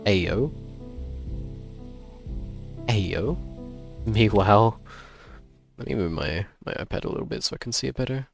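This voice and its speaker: A man streaming a game live, chatting playfully and greeting his viewers with excitement. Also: fairly low pitch, a little slow, creaky, pauses often, faint music behind. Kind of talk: casual livestream chat while gaming.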